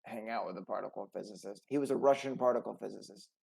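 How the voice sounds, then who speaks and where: A man's voice: lowish voice, fast talker, vocal fry, a little mellow, breathy edge, poor audio. A man co-hosting a podcast over a call, chatting casually and rambling with lots of "like". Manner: rambling, many "like" fillers. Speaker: podcast co-host. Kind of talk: casual chat. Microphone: remote call.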